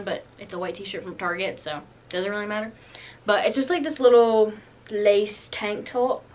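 A woman's voice: mid-range voice, a bit bright. A teenage girl doing a casual clothing haul, rambling and chatty, full of "like" and "um". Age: teens. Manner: bubbly, rambling, lots of "like" and "um". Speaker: vlogger.

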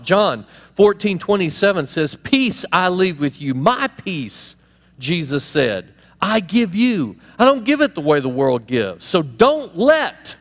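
Male pastor, animated and chatty, preaching in a reverberant church hall. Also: sits high. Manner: animated, conversational preaching with laughs and asides. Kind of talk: sermon.

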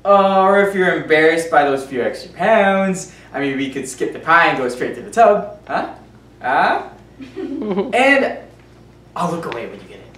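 A woman's voice: lowish voice, very animated, measured pace. A woman acting a pushy, nosy teenage boy neighbor, an ex-child star, who talks in an awkward, overfamiliar, giggly way. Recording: echoey room, mic far off, faint hiss.

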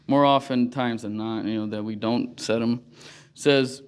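A man's mid-range voice, clear and resonant, moves slowly with fairly even intonation as he teaches Sunday school in a church. He talks through scripture in an earnest, conversational way, often saying "you know," keeping the Bible teaching casual.

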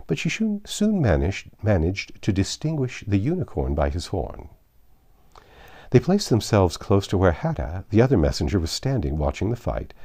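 A man narrating an audiobook reading of a classic tale in a lively, expressive storytelling manner. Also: deep voice.

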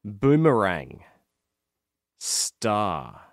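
A man co-hosting a podcast as quizmaster, teasing the players and reading clue lists slowly. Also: on the low side, big pitch swings. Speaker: podcast co-host reading trivia clues. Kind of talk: casual banter, quizmaster.

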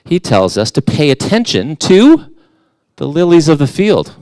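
A man's voice: fairly high pitch, wildly swooping pitch, unhurried, darkish tone, no room sound. A middle-aged man preaching a conversational sermon as a guest in church, casual and self-deprecating, with playful asides.

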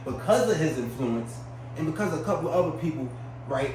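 A man from Brownsville, a podcast guest telling prison stories in a casual, animated way and acting out the voices. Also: a little high, brisk. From Brownsville, New York. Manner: animated, acts out voices in his stories, keeps checking in with the listener. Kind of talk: casual storytelling. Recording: echoey room, distant mic, faint noise.

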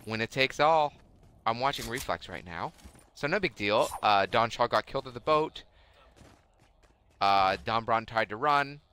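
A man giving casual, excitable commentary while playing a game and talking to his viewers. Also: mid-range voice, a little slow, clean tone. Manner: excitable, chatty, addresses chat viewers. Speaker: gamer streaming a match.

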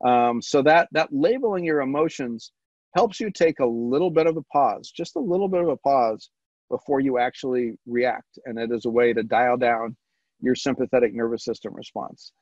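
A man presenting a stress management webinar in a relaxed, conversational way, pausing often with ums and restarting his sentences. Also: medium pitch, dry recording. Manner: halting, with frequent ums and restarts. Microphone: video call. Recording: dull lo-fi webinar audio, dry.

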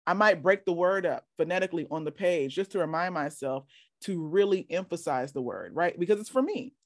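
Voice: mid-range voice, expressive, fairly quick, dry recording, clean studio sound. A workshop leader teaching casually over a video call, chatty and encouraging, often asking "right?".

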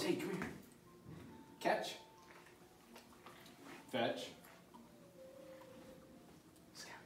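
High-voiced teacher in an echoey room. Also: male voice. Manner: chatty and loose, with fillers, talking to his dog. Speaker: science teacher. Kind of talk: casual classroom video lesson. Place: empty classroom and school hallway. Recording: echoey room, voice from far off, faint noise.

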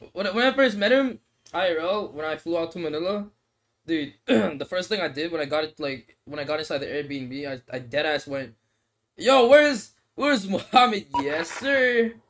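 Young man, fairly high voice, laid-back streamer banter with laughs and swearing, chats while eating. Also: fairly quick, a bit bright. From Australia. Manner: talks while eating noodles. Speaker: mobile game streamer. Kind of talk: casual livestream chat, reading comments.

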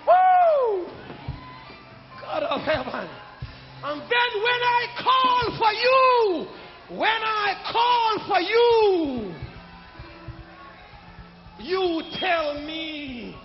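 A man preaching a sermon as pastor, calling out to the congregation and building to shouts. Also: very high voice, big pitch swings, drawn-out words, pauses often, soft background music. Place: church sanctuary. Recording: echoey church hall, dull sound.

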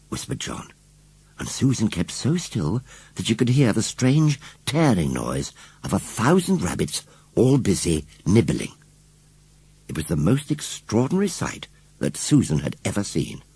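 A man narrates a storybook with a very husky, breathy voice, his pitch leaping up and down with lively animation. The sound is close and dry, with no room around it. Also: no echo. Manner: expressive storytelling, sinking softly for hushed moments. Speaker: audiobook narrator.

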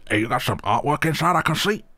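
A man's voice: fairly high pitch, lively intonation, fast talker, sharp tone, voice pushed up. Man putting on a bumbling fake Frenchman. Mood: excited. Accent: put-on French accent. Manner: broken English, boastful, playful. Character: bumbling fake Frenchman, adult male, eager. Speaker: gamer voicing a player character. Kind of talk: improvised role-play over gameplay.

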